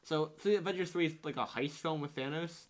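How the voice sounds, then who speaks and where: A man's voice: fairly high pitch, quick pace, slight background noise. A young man co-hosting a casual podcast, rambling through news and laughing with friends. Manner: laughing, rambling, breaks into silly voices. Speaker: podcast co-host. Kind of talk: casual banter among friends.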